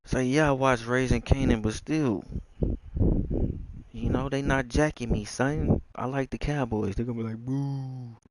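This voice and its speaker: A man's voice: mid-range voice, steady tone, moderate pace, slight background noise, poor audio. A young man from Texas with a Southern drawl, rambling casually in a slangy, wandering monologue. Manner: slangy, drawling, jumps between topics.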